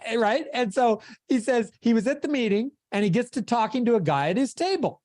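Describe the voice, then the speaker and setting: A man's voice: extremely high pitch, lively intonation, fairly quick, darkish tone, dry recording, clean studio sound. A man giving a motivational coaching talk on a video call, with an emphatic, preacher-like cadence. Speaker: sales coach.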